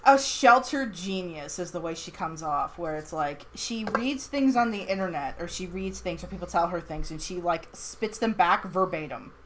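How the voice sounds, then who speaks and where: Giggly woman with a lively voice. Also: on the low side, moderate pace, few pauses, slight background noise. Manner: giggly, animated, quotes characters in voices. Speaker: tabletop game player. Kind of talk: casual chat.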